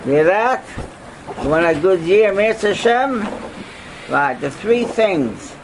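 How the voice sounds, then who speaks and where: Animated older man, Torah class lecture, somewhat high for a man, swooping pitch, rhetorical questions, sudden loud outbursts. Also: takes it slowly, noisy background. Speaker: rabbi teaching a class.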